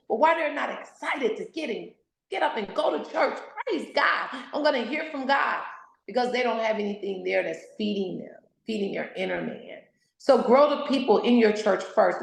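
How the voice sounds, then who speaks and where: A woman's voice: sits high, creaky, echoey room, low-quality recording. A woman author and speaker giving an interview, exhorting in an emphatic, sermon-like way. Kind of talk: candid interview, preacherly.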